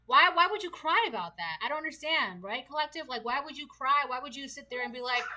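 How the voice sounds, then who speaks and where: A woman's voice: high-pitched, lively intonation, a little fast, few pauses, bright, forceful tone, slight background noise, poor audio. A woman giving a casual tarot reading to her viewers, chatty and repetitive, often asking rhetorical questions. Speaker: tarot reader.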